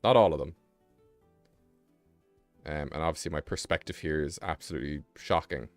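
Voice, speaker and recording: A man's voice: extremely low pitch, moderate pace, soft background music. A young British man streaming live, chatting casually and rambling with self-mocking asides while he draws. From Britain.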